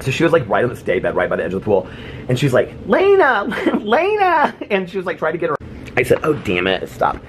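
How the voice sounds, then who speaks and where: A man's voice: fairly low pitch, quick pace, slight background noise. A man vlogger telling a funny story, laughing and acting out other people's voices. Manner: animated, laughing storyteller who acts out voices. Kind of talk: casual storytelling vlog.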